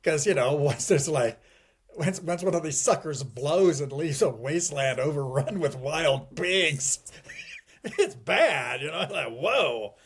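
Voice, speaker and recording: Interviewed as a guest, a middle-aged man talks in a rambling, digressive way, restarting often, saying "you know" a lot, and giving wry chuckles at grim moments. His voice is on the high side and a bit breathy, with lively intonation and a slightly slow pace.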